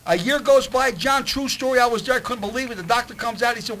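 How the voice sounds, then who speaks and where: A man's voice: extremely high pitch, fast talker, few pauses, sharp tone, low-quality recording. A man co-hosting a radio variety show, teasing callers and telling long jokes. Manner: teasing, jokey. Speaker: host chef.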